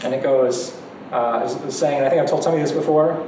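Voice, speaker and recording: This go teacher has a mellow, medium-pitched voice and a quick pace, keeping his classroom lecture casual and chatty with laughter between points. Captured on a distant mic, the audio echoes around the room and carries noise.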